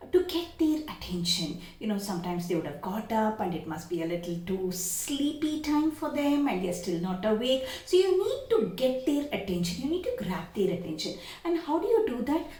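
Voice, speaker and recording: A woman teacher, giving expressive, emphatic advice to other teachers. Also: medium pitch, moderate pace. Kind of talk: instructional talk. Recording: roomy echo, distant mic.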